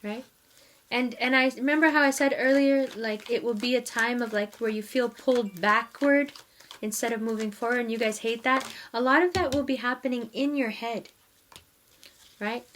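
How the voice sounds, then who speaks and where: A woman's voice: fairly high pitch, moderate pace, fairly bright tone, slight background noise. A woman giving a casual tarot reading, talking straight to her viewers in a chatty way and laughing often. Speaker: tarot reader.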